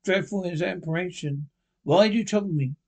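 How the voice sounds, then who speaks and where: A man's voice: high-pitched, normal speed. A man reading aloud and voicing a frightened old miser, with nervous stumbles. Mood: pleading. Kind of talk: storybook reading.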